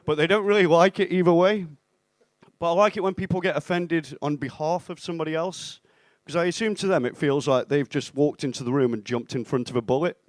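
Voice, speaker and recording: A young man performing a stand-up set in a comedy club, with a deadpan, self-mocking delivery and acted-out bits of dialogue. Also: fairly high pitch, a little fast, dry recording. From England (Stoke-on-Trent).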